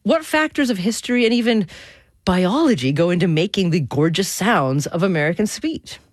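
A woman hosting a public radio talk show, speaking articulately in a clear studio voice. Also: on the low side, lively intonation, moderate pace, dry recording. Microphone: studio microphone.

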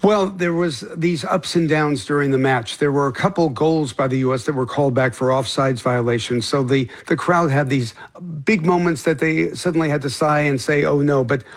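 A man reporting on sports in a radio news interview, measured and explanatory with occasional fillers. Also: a little high.

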